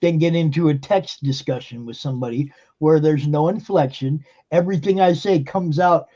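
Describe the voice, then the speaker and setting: A man's voice: on the high side, normal speed, hardly any pauses, dark tone, dull audio. A man hosting a live stream, talking casually and emphatically with lots of fillers and swearing. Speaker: streamer and show host. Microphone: computer mic on a live stream.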